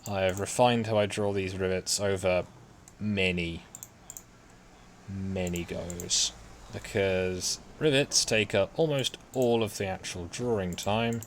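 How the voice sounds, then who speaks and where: A low-voiced man talks slowly and steadily through a computer drawing, muttering to himself in a casual, self-deprecating way. He's a hobby modeller streaming his CAD work, with keyboard typing and slight background noise behind him.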